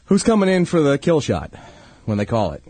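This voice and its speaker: A man's voice: a little high, huge pitch swings, brisk, warm tone, husky, no echo. A man in his forties from Long Island, co-hosting a casual chat show, joking, teasing and laughing often. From Long Island, New York. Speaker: podcast co-host. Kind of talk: casual banter.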